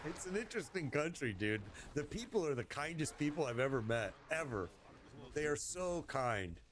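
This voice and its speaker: A man telling a rambling, animated story in casual chat while gaming, swearing casually along the way. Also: on the high side, normal speed, background noise.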